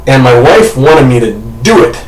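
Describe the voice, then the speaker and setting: A man co-hosting a podcast, telling a comic story casually with loud shouted impressions, swearing and laughter. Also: medium pitch, very animated, normal speed. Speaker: podcast co-host. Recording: roomy, distant, noisy home mic.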